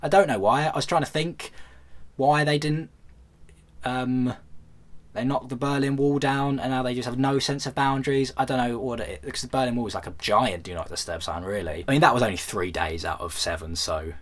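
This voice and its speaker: A man's voice: mid-range voice, brisk. Rambling British man telling a comic story. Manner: rambling, self-deprecating, many false starts. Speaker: vlogger.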